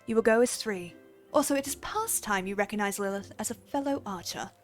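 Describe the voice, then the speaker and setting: A woman voicing a stern female archer guildmaster from a game, read in a quiet, measured way. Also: medium pitch, soft background music, natural voice.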